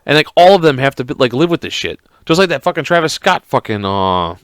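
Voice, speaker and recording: A man hosting a podcast alone, ranting in a casual, profane, rambling and excitable way. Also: mid-range voice, fast, clean tone, no echo, studio quality. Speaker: podcast host.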